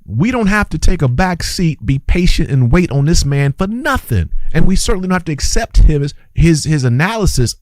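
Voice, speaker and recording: A man's voice: a little high, sing-song, moderate pace, few pauses, dry recording. A man hosting an impassioned opinion monologue, preachy and urgent, repeating his phrases for emphasis and calling his listeners brothers and sisters. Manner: urgent, exclaiming. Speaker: host and commentator.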